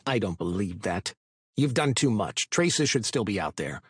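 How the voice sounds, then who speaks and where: A man voicing a stern male cop who speaks in a clipped, forceful way. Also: fairly low pitch, very animated, normal speed, husky, no echo, studio quality, exaggerated voice. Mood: threatening.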